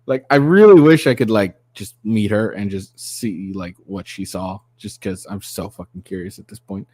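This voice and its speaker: A man's voice: lowish voice, normal speed, a little mellow, dry recording. A man hosting a casual reaction video, mocking the clip with profanity, lots of fillers, and bursts of laughter. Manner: crude, mocking, giggly, rambling. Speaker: commentary channel host.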